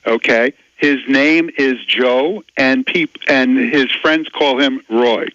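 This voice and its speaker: Forceful older man, radio guest. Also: mid-range voice, slow, no room sound. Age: 70s. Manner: emphatic, dismissive of critics. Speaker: author guest. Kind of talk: radio interview. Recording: dull dry radio audio.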